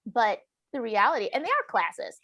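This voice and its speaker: An American woman author in a conversational interview, animated and laughing, quoting others in mocking voices. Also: fairly high pitch, fairly quick. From United States. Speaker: author guest.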